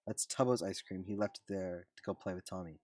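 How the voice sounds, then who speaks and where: A man voicing a firm young woman who scolds her friends. He keeps it low in his own range. The sound is dry and close. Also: brisk, darkish tone, no echo. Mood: scolding.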